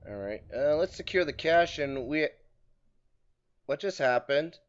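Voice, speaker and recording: A man hosts a let's play, chatting casually about his game in a slightly high voice at a measured pace. He is excitable, jokes around and has frustrated outbursts. Faint music plays beneath a muffled recording.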